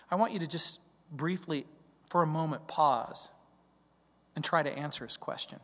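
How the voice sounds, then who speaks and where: A male pastor preaching a verse-by-verse sermon, swinging from loud declarations to hushed questions. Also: on the high side, unhurried, long reverb tail.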